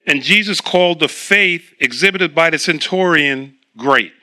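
Bright-voiced man preaching a sermon. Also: on the high side, unhurried. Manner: conversational, reading aloud and then explaining. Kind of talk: sermon with scripture reading.

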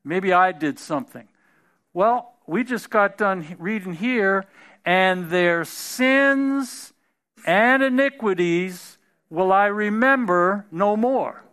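A male preacher with a high, lively pitch delivers a conversational sermon. He restarts phrases often and climbs to emphatic, forceful peaks. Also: slow pace, smooth. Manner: conversational, repeats and restarts, builds to emphatic shouts.

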